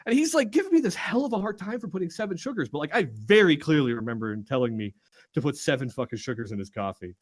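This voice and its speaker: A man's voice: a little high, quick pace. A young man, a podcast co-host, tells a story among friends, swearing freely and acting out everyone's lines. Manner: animated, swears constantly, acts out quotes.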